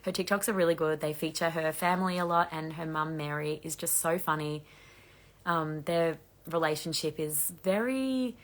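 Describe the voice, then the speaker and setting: A woman hosting a gossip livestream, chatting fast and casually while reading comments, her voice croaky and going hoarse. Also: low-pitched. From Australia. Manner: fast-talking, chatty, laughs often. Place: bedroom at home with laundry drying.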